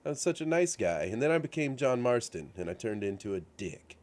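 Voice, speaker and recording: A man hosting a relaxed talk show, telling long, wandering stories about a video game. He restarts his sentences and piles on fillers as he goes. His voice sits in a middle pitch and sounds ordinary and conversational. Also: brisk. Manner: rambling, animated storytelling with frequent fillers. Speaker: show host. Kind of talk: casual chat about video games. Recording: radio-show studio setup.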